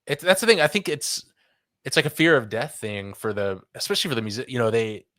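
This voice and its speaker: A man co-hosting a podcast in relaxed, agreeable casual chat. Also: medium pitch, fast, no echo, studio quality. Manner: laid-back, agreeable, many yeahs. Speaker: podcast co-host.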